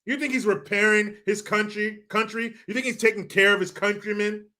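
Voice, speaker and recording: A man's voice: high voice, steady tone, a little fast, sharp tone. A man hosting a political commentary vlog, ranting in a sarcastic, profane, mocking way.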